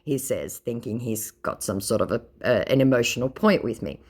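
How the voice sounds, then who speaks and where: A woman's voice: a bass voice, expressive, normal speed, darkish tone. A woman narrating scam chat logs in a dry, sarcastic way. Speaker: scam baiter.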